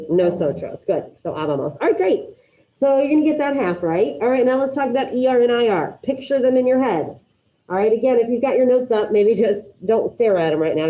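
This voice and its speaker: A woman teaching a Spanish class online, calling on students by name and encouraging their answers. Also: a little high. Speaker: high school Spanish teacher. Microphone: video call. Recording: dull lo-fi video call audio.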